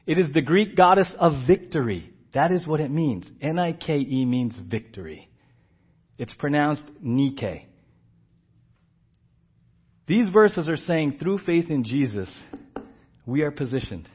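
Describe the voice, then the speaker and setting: A man preaching a sermon in a fairly high voice, moving from a casual story into emphatic teaching. The sound is dull and lo-fi. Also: big pitch swings, measured pace, husky. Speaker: pastor.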